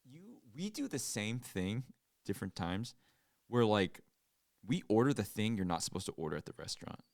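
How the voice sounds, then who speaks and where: A young man co-hosts a casual podcast in a fairly low register. He tells stories with animated energy and jumps up into loud, acted-out quotes of other people. The sound is close and dry. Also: normal speed, no echo. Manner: animated storytelling, acts out quotes loudly. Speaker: podcast co-host. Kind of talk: casual chat.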